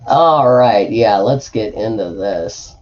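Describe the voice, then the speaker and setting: A woman's voice: very deep voice, expressive, slow pace, a little mellow, highs cut off. A woman hosting a stream from a room at home, rambling in casual chat with lots of fillers and asides while reading an article aloud. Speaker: streamer host.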